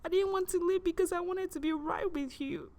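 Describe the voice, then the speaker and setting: A woman with a high voice tells a personal faith testimony. She speaks earnestly and haltingly, restarting and repeating her words as she goes. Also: darkish tone.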